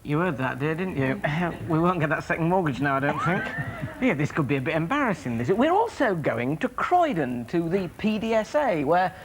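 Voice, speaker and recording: A man hosting a live daytime magazine show from a TV studio, jovial and quick to laugh. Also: a little high, very animated, noisy background. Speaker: studio host.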